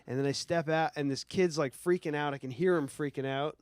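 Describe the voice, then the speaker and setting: Animated man telling stories, laughing. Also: fairly high pitch, fairly quick, clear, resonant tone, no room sound. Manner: animated storyteller, swears, laughs often. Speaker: podcast host. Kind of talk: casual chat.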